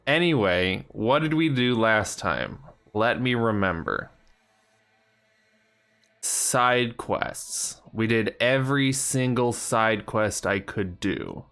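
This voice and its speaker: A man's voice: on the low side, lively intonation, takes it slowly, fairly bright tone. A man streaming a video game, casually recapping past progress and joking with his chat. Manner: rambling, jokey banter with chat.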